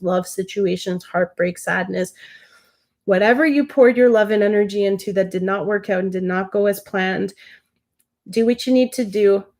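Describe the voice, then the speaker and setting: A woman's voice: medium pitch, a little mellow. A woman doing a live-stream tarot reading, talking straight to her viewers in an emotional, affectionate way. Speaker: tarot reader.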